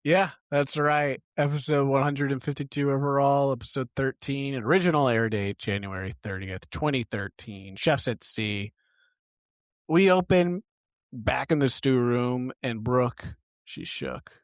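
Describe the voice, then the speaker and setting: A man's voice: medium pitch, a little slow, dry recording. Chatty man co-hosting a podcast. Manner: chatty, animated, lots of fillers. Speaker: podcast co-host. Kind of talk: casual chat recapping a TV show.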